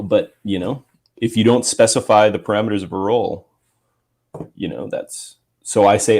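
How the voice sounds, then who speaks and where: A man appearing as a guest rules judge, explaining fairness rules in a measured, deliberate way. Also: fairly low pitch, darkish tone. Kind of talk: explanatory chat.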